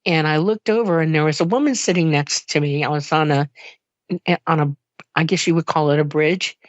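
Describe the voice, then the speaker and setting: A woman guest from Miami telling a personal story in an interview, conversational and animated, leaping up in pitch when she acts out what she said. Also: brisk, no echo. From Miami, Florida. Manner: animated, emotional retelling with sudden jumps in pitch when quoting herself; casual, conversational, with frequent fillers and laughs. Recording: dull, dry lo-fi sound.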